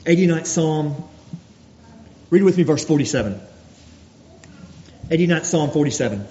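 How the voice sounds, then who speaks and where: Preacher guy, mellow voice, long echo from the church hall, kinda dull recording. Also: on the high side, animated, a little hiss or hum. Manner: earnest, rhetorical questions, slows and drops to near-whisper for emphasis. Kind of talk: sermon. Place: church sanctuary.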